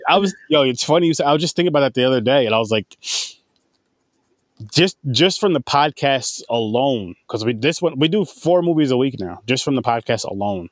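A man hosting a casual movie podcast, talking in an animated, rambling way and swearing freely. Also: medium pitch, a little fast, no room sound, studio quality. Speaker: podcast host. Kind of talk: casual chat.

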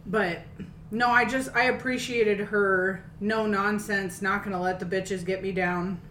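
A woman's voice: medium pitch, fairly even intonation, a little slow, fairly bright tone, far from the mic, slight background noise. A woman co-hosting a casual movie podcast, chatty and self-mocking, swearing freely. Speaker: podcast co-host. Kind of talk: casual movie review chat. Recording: echoey room, voice set back from the mic.

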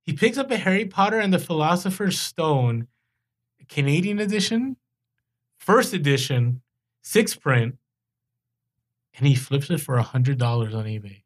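Male podcast co-host, fairly high voice, upbeat and animated, casual banter. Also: measured pace, long pauses. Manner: animated, rising in pitch when excited. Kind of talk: casual chat.

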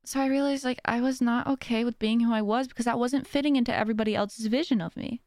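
A young woman with a fairly high voice chatting on her podcast in a loose, self-deprecating way, laughing often and slipping into the voices of people she quotes. The sound is dry and close, with no room around her. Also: steady tone, quick pace, darkish tone, no room sound. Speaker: podcast host. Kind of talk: casual personal chat.

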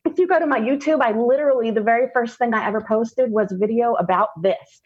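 A woman, a podcast guest telling a personal story candidly, laughing often and slowing down for emphasis. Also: fairly high pitch, breathy edge, lo-fi sound.

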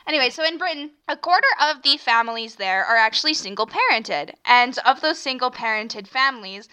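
Bright, crisp-voiced young woman podcaster. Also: fairly high pitch, animated, brisk, few pauses. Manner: earnest, opinionated, self-correcting with frequent restarts. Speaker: podcast host. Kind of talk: solo podcast commentary.

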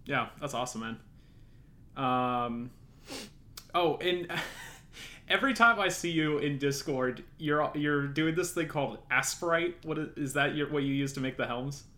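A man hosting a podcast, asking questions in a relaxed, friendly way. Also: a little high, measured pace. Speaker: podcast host. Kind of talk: casual podcast chat.

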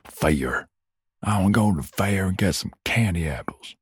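A man voicing a fairgoer in a put-on Southern US accent, with a drawn-out, playful drawl. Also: low-pitched, animated, husky, dry recording, studio quality, pitched above the performer's own voice, exaggerated voice.

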